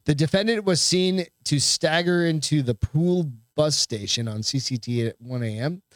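A man co-hosts a casual podcast, reading out a news item and cutting in with profane, joking asides. His voice sits a bit high for a man, and the sound is dry and close. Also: moderate pace, no echo. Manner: loose and joking, swears freely, stumbles while reading. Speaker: podcast co-host. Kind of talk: casual chat, reading a news story aloud.

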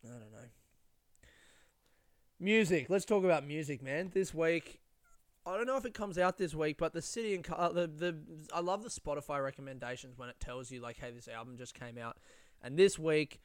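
A man's voice: a little high, animated, normal speed, no room sound, studio quality. A man hosting a casual solo podcast, ranting in a rambling, profane way with lots of restarts. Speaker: podcast host.

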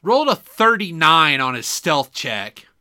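A man's voice: on the high side, measured pace. A man co-hosting a podcast, telling a story in casual chat with lots of swearing and laughter, on a desktop condenser mic. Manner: animated, profane, laughs through his story. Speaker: podcast co-host. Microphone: desktop USB condenser mic.

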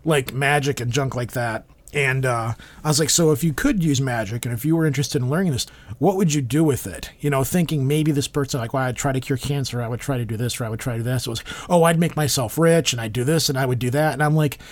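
A man's voice: mid-range voice, fast talker. A middle-aged man hosting a podcast, rambling through stories in casual chat and acting out the quotes. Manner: rambling storyteller, acts out quotes. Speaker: podcast host. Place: home office.

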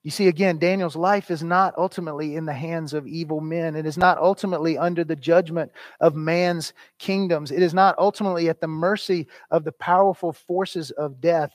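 A man preaching a sermon in an earnest way, swinging between loud emphasis and hushed, quiet lines. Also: a little high, fairly even intonation, fairly quick, few pauses, dry recording. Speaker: pastor.

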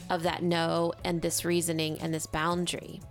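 A woman's voice: lowish voice, monotone, moderate pace, faint music behind. Earnest woman podcast co-host. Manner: earnest, emphatic, self-mocking. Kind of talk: casual chat.

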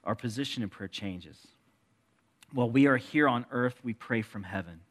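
A man preaching a sermon as pastor, dropping to hushed asides and rising into emphatic appeals, with joking asides to the congregation. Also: medium pitch, normal speed.

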